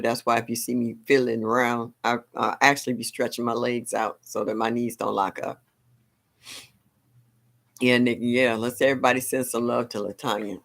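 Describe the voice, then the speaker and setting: A woman's voice: very deep voice, gravelly, a bit bright. An older woman hosting a live stream, chatting casually and exclaiming often, with frequent laughs. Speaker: livestream host.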